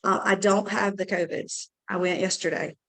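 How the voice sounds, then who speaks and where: A woman with a hoarse, scratchy voice runs a casual team meeting in an office. She speaks at a medium pitch and keeps things upbeat, chatty and a bit rambling. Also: steady tone, moderate pace, fairly bright tone. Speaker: team leader hosting a meeting.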